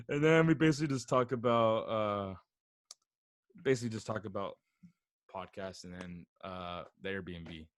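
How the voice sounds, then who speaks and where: A young man hosting a podcast, telling a story with laughter and reading text messages aloud in a flat, mocking voice. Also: fairly low pitch, measured pace, pauses often, dry recording, studio quality. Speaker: podcast host. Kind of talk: casual chat.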